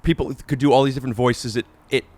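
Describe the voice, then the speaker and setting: Podcast host, man, mid-pitched and hesitant, stops and restarts while finding his words. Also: fairly even intonation, darkish tone, no room sound. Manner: halting, searching for words with many restarts. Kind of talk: casual podcast interview.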